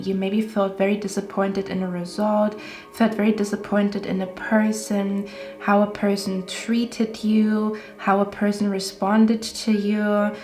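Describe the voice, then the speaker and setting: Woman, tarot reader, chatty, reassuring, mid-pitched, roomy echo, faint music behind. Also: a little mellow. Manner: chatty, reassuring, often adds "okay?". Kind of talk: casual tarot reading to camera.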